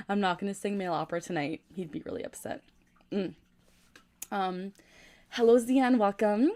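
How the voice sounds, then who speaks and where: A woman's voice: mid-range voice, lively intonation, moderate pace, pauses often, darkish tone. A woman in her twenties chatting casually on a livestream from her room at night, keeping her voice down as she reads comments. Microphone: gaming USB microphone.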